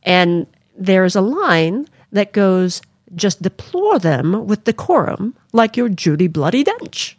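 A woman's voice: mid-range voice, very animated, takes it slowly, a little mellow, dry recording, studio quality. A woman co-hosting a casual podcast, earnest and giggly as she talks through a film. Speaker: podcast co-host. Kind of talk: casual chat.

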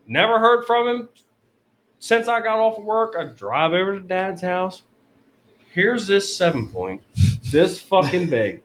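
A man co-hosting a casual podcast, telling a hunting story in an animated, profane way. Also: high voice, moderate pace. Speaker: podcast co-host.

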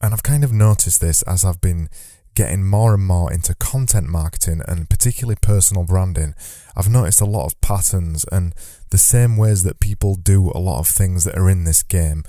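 A man with a low voice and a very dark, mellow tone hosts a solo podcast from his notes. He talks loosely and conversationally, circling back on his phrases as he thinks aloud. The sound is dry and close on the mic. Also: normal speed, dry recording. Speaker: podcast host. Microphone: studio microphone.

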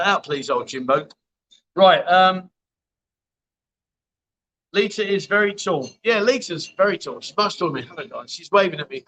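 A man's voice: sits high, pushed and bright, low-quality recording. A man hosting a casual livestream from a bar, reading out viewer comments in a chatty, matey way. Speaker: livestream host. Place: bar, indoors.

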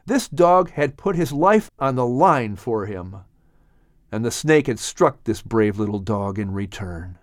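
Slow, expressive storybook narrator, male. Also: medium pitch, dry recording, studio quality. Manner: expressive, unhurried. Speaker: audiobook narrator.

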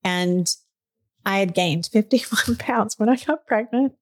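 A middle-aged woman, a podcast guest, tells a personal story in a candid, chatty way, sometimes getting emotional. Her voice is mid-range, slow and a little mellow.

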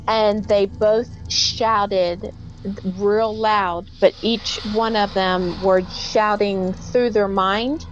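A woman's voice: medium pitch, steady tone, slow, highs cut off. A middle-aged woman, a podcast guest, recounting a personal experience and acting out the voices of the people in it. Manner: vivid storyteller who acts out quoted voices. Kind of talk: personal storytelling in an interview.

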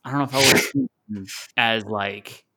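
A man co-hosting a casual movie podcast, earnest, with quick quips. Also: mid-range voice, pushed and bright. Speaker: podcast co-host. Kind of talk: casual chat.

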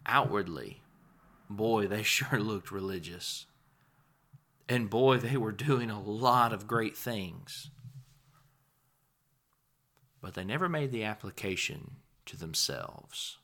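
A man's voice: on the low side, expressive, slow pace, pushed and bright. A man preaching a sermon, earnest and emphatic, swelling in volume on key words and dropping into conversational asides. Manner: emphatic, rises and falls in volume for stress.

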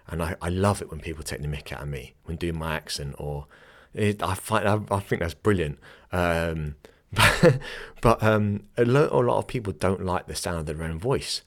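A young man hosting a podcast and teaching yoga, talking casually, often restarting his sentences and laughing easily. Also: sits low. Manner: chatty, self-correcting, laughs easily.

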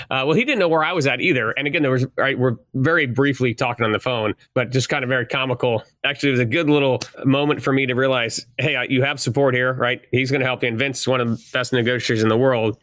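Man, middle-aged, retired negotiator, relaxed storytelling, dry close sound. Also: mid-range voice, quick pace, dry recording. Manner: chuckles often while telling stories. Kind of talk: conversational storytelling.

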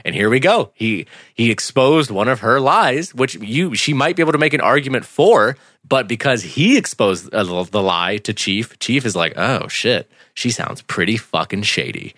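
Man, podcast co-host, animated and bright tone, dry close sound, casual TV chat. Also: medium pitch, moderate pace, few pauses, no room sound. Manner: animated, laughs often, acts out characters' lines. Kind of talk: casual TV episode discussion.

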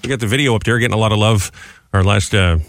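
A man hosting a radio talk show, upbeat and quick to laugh. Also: on the low side, fairly bright tone, dry recording.

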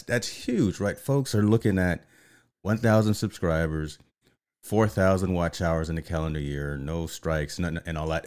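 A man hosting a casual live-streamed chat show, animated and often repeating words as he starts a sentence. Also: low voice. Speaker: show host.

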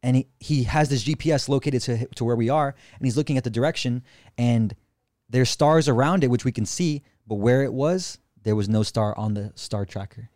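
A man of average pitch tells a story with animated, excitable energy, throwing in slang and curse words. The recording is dry and close, with almost no room sound. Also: moderate pace, dry recording. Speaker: podcast guest. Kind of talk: casual storytelling.

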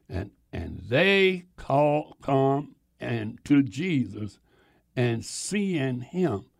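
A man preaches slowly, drawing out his words over a gravelly rasp. He pleads with his listeners directly and repeats himself for emphasis. The recording is dry and close, with no room echo. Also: medium pitch. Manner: fervent, repetitive, addresses listeners directly. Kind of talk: sermon.

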